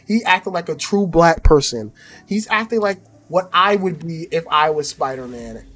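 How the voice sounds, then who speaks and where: A man reacting to a game trailer in casual, profane, excitable commentary, repeating himself. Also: on the high side, normal speed. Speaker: YouTube reaction host.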